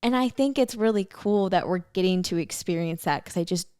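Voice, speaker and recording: A woman's voice: on the low side, a little fast, clean tone, dry recording, clean studio sound. A young woman hosting a podcast, chatting casually and upbeat about dating and being single. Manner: upbeat, animated storytelling. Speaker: podcast host. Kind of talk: casual chat.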